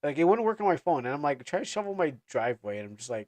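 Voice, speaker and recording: A man's voice: on the high side, big pitch swings, very fast, a little mellow, no echo. A man streaming casually, rambling through stories with lots of fillers and restarts.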